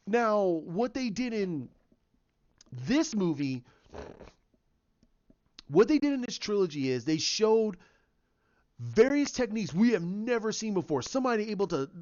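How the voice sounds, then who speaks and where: A man giving a casual spoken movie review, excited and rambling, restarting and repeating his words. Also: high-pitched, dull audio. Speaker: film reviewer.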